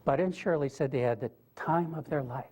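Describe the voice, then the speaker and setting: A man's voice: on the high side, fairly quick, darkish tone, slightly rough. Earnest man telling stories to an audience. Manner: earnest, conversational, asks the audience questions. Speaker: guest speaker. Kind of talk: storytelling lecture to an audience. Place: lecture room with a live audience.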